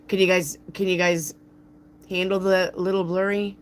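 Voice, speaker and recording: A woman with a gruff, raspy voice, hosting a live tarot reading and chatting playfully with viewers by name. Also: on the low side, little pitch movement, moderate pace, a little hiss or hum. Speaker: tarot reader, channel host. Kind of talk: live-stream tarot reading, answering chat.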